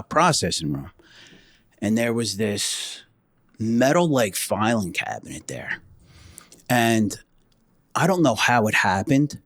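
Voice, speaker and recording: A man's voice: lowish voice, no room sound, clean studio sound. A man, a former state trooper, telling stories on a podcast in a blunt, profane way, acting out what people said. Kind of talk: casual podcast storytelling.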